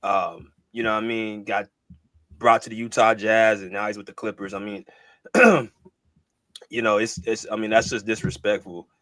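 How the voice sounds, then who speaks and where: Male live-stream podcast host, low-ish pitch, relaxed slang, dead-dry sound. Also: normal speed, no room sound. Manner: laid-back, slangy, addresses live viewers. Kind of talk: casual sports chat.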